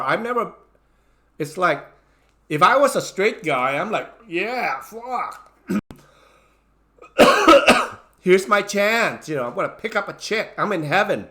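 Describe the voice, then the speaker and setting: A man telling a funny personal story in a casual, animated way. He stumbles through restarts and fillers and slips into the voices of people in the story. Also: sits high. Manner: animated, acts out his own panicked lines; many fillers and restarts, non-native grammar. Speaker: channel host telling a story.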